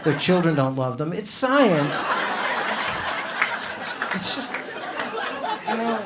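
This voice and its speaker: A male stand-up comedian on a comedy club stage, talking conversationally and building to loud exasperated outbursts. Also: a little high, big pitch swings, slow pace, over a noisy crowd. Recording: echoey club room with noisy ambience. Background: audience laughter.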